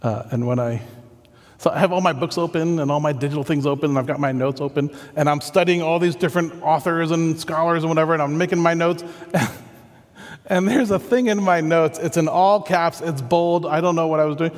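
Earnest preacher man, fairly high voice. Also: brisk. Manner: earnest, conversational, thinking aloud. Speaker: pastor. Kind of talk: sermon. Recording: long hall reverb.

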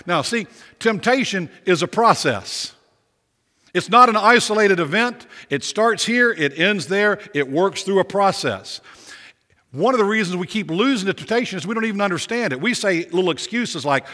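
A man's voice: sits high, animated, moderate pace, pushed and bright. A male pastor preaching a sermon with emphatic repetition and rhetorical questions. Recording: long reverb of a big hall.

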